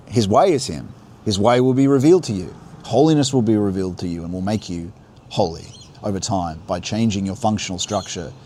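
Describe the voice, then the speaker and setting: A man's voice: fairly low pitch, darkish tone, slight background noise. A man giving an earnest, unscripted spiritual talk on a livestream outdoors by a river, musing and restarting his thoughts as he goes. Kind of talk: unscripted religious teaching on a livestream. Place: outdoors beside river rapids. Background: faint rushing water.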